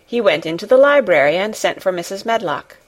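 A woman reading a classic novel aloud as an audiobook, in a measured, gently expressive narration. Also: mid-range voice. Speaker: audiobook reader. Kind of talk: scripted narration.

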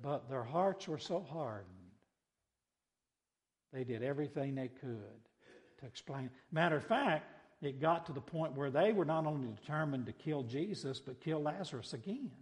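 A pastor preaching a sermon, swinging between quiet conversational asides and loud, emphatic cries. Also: male voice, on the high side, lively intonation, normal speed, long reverb tail.

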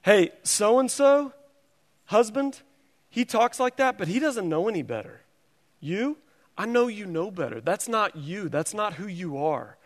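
A man preacher voicing his wife's gentle, coaxing correction in a sermon. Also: sits high, animated, a little slow, long reverb tail. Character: gentle loving wife correcting her husband.

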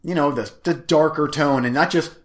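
A man's voice: fairly high pitch, moderate pace. A married man co-hosting a casual podcast, easygoing and rambling with a self-deprecating manner. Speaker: podcast co-host. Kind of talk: casual chat.

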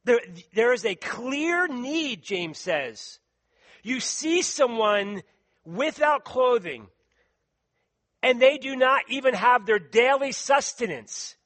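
A man delivering a sermon in a church, his voice sitting quite high for a man. He reads scripture and presses his points earnestly, drawing out the words that matter. A tickle in his throat keeps him clearing it and coughing. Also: lively intonation, slow, fairly bright tone. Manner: earnest, emphatic, stretches out key words. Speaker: preacher.

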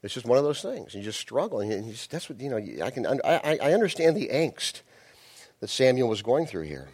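Animated male pastor preaching, chatty and offhand, lots of restarts. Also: mid-range voice, a little fast, breathy edge. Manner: conversational, with restarts and asides to the congregation. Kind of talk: sermon.

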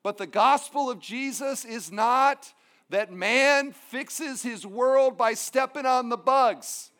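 A man's voice: very high-pitched, slow, fairly bright tone. A male pastor preaching a sermon, emphatic, with humorous asides.

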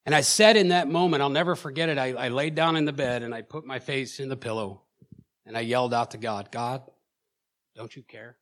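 A man preaching in a church, telling his own story with emotion, at times loud and at times hushed, often repeating words as he presses on. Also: mid-range voice, quick pace. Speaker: preacher sharing a personal testimony. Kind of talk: sermon testimony.

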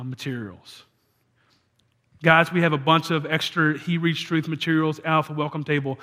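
A man's voice: on the high side, bright, forceful tone. A man preaching a sermon as a church pastor, talking in a conversational way with frequent restarts.

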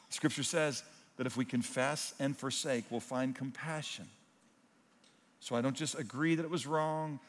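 A man preaching a sermon. He talks in earnest, swinging between loud, emphatic points and hushed, close asides. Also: medium pitch. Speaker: pastor. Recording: long reverb of a large hall.

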